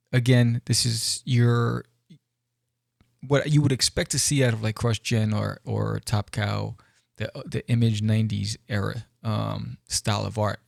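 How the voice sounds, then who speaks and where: A man with a gravelly, creaky voice talks through comic pages in a casual, excitable way, tossing out playful asides. His voice sits at an ordinary pitch and sounds close and dry. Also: no room sound. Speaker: comic book reviewer and podcast host.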